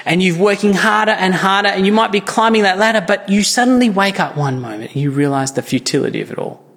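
A man's voice: sits high, expressive, fast, a bit bright. A man, preaching a sermon as pastor in an earnest, conversational way with frequent restarts. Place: church. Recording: church hall with long reverb.

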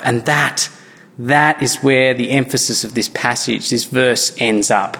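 Give me a gravelly-voiced man in his thirties preaching a sermon in a church. He talks in an earnest, conversational way and often restarts his sentences, with a long reverb trailing his voice through the hall. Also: mid-range voice, steady tone, a little slow, pushed and bright. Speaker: pastor.

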